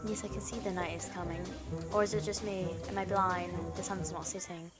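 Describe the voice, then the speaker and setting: A woman's voice: medium pitch, steady tone, brisk, loud music behind the voice. A woman with a New Zealand accent hosting a gaming channel, playing a horror game and talking dramatically to the characters, jumpy and easily scared.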